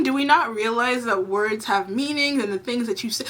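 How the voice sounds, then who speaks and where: Bright-voiced woman in a heated rant. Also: fairly high pitch, fairly quick, few pauses. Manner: heated, exasperated, swears freely. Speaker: YouTube commentator. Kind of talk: ranting commentary vlog.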